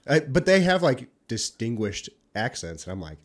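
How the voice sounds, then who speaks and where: A man's voice: medium pitch, big pitch swings, moderate pace. A man from northern Indiana co-hosting a podcast, chatting in an easygoing way and laughing along. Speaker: podcast co-host. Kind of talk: casual podcast chat.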